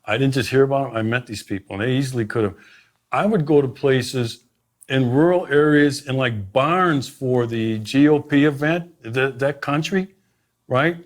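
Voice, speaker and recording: A man's voice: mid-range voice, moderate pace. A middle-aged man, a sheriff, telling stories in an emphatic way during a conversation, with many restarts. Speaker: sheriff, guest. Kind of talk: storytelling in a conversation.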